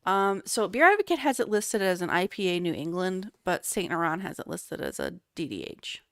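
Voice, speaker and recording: A woman's voice: on the low side, big pitch swings, moderate pace, a bit bright, dry recording, studio quality. A woman co-hosting a casual podcast, chatting loosely and reading out beer details with plenty of filler words. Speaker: podcast co-host. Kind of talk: casual chat.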